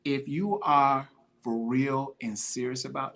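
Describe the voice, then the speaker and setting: Taking it slowly, a man with a mid-range, slightly bright voice gives a motivational podcast monologue about consistency. The fitness motivator is emphatic, slangy, and preachy, repeats himself, and greets viewers by name as he goes.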